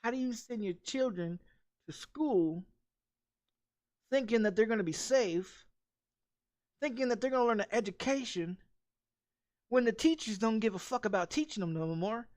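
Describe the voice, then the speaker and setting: A game streamer in the middle of an angry, expletive-laden rant. The talk is heated and repetitive, hammering the same points again and again. The voice sits at a middling pitch. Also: expressive, moderate pace, pauses often, a little mellow.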